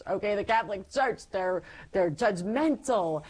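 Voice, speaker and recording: A woman's voice: medium pitch, normal speed, few pauses, poor audio. A woman giving a personal faith testimony as an interview guest, telling her story animatedly and acting out past conversations. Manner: animated storyteller who acts out past dialogue.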